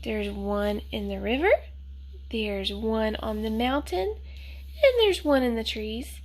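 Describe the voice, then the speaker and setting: A woman reading a picture book aloud to children, gently asking them questions with soft whispered asides. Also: a little high, slow.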